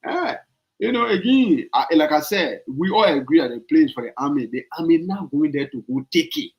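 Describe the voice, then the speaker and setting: A man hosts a political opinion podcast. His voice sits a little high, and he drives his points home with repetition, dropping low to read comments and then climbing loud when he urges action. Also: normal speed, lo-fi sound. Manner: emphatic and repetitive, pressing points hard; swings from low, calm reading to loud, high-pitched urging. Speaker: podcast host.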